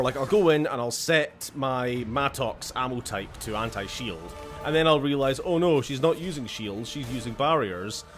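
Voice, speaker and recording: A Scottish man chats casually while he plays a video game on stream. He rambles, drops laughing asides and the odd swear, and his pitch sits in the middle. Faint music runs underneath. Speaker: gaming streamer. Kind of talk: casual live-stream chat.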